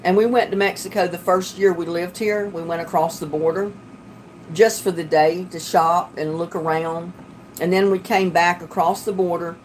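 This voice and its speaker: A woman's voice: fairly low pitch, fairly even intonation, normal speed, a little mellow, slight background noise. A woman from North Carolina with a Southern accent, chatting casually and telling rambling stories as she hosts a livestream. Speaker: livestream host.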